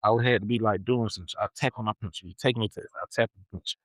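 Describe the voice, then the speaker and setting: A man's voice: fairly low pitch, very fast, no echo, poor audio. A young man hosting a podcast, telling a story from his childhood in a casual, slangy way, with lots of repetition. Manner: animated, slangy, repeats himself. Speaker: podcast host.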